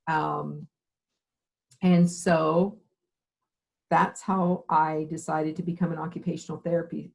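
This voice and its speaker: Husky-voiced woman telling her story. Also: on the low side, low-quality recording. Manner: animated storyteller acting out dialogue. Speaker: occupational therapy program director. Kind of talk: interview storytelling.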